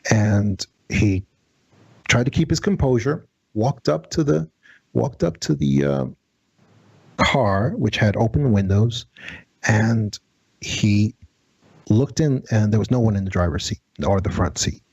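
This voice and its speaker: A man with a low, husky voice tells an eerie story as a radio guest. His telling is halting and dramatic. The sound is dry and close. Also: expressive, darkish tone, dry recording, muffled recording. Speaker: guest, former federal agent.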